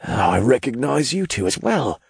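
Man doing a raspy, rattled paranormal expert. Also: mid-range voice, sing-song, a little slow, dry recording, pitched above the performer's own voice, heavily acted. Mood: bewildered. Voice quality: raspy, dry. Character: rattled middle-aged male paranormal expert.

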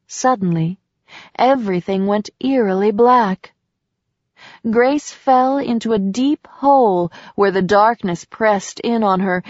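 A woman narrating a romance novel in a soft, expressive storytelling manner. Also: mid-range voice, dry recording. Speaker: audiobook narrator. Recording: slightly dull dry recording.

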